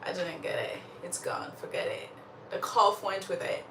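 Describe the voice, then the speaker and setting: Hosting a casual live chat, a young woman from Uganda speaks in a fairly low, sing-song voice at a moderate pace, laughing frequently and coughing slightly since she's a bit unwell. The distant mic gives a roomy, off-mic sound with faint noise in the background.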